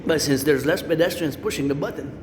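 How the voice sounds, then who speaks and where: A man's voice: on the high side, fast talker. A man vlogging while he walks city streets, rambling and repeating himself as he thinks aloud. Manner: rambling, repetitive, thinks aloud, chants cadences. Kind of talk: rambling walking vlog. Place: city streets outdoors with traffic. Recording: street noise behind.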